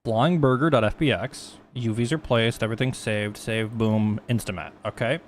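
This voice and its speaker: A man's voice: mid-range voice, normal speed. A young man casually walking through 3D texturing on a live stream, rambling, swearing freely and mocking himself. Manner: rambling, profane, self-mocking.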